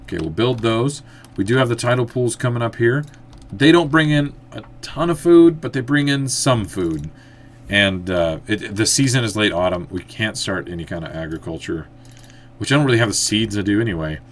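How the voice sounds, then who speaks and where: A man giving casual let's-play commentary, thinking aloud as he plays and breaking into excited outbursts. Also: fairly low pitch, moderate pace. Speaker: gameplay commentator.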